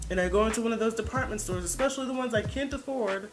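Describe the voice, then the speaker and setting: A woman's voice: on the high side, fast talker, music in the background. A woman vlogger giving casual reaction commentary, blunt and defensive, rambling as she searches for words.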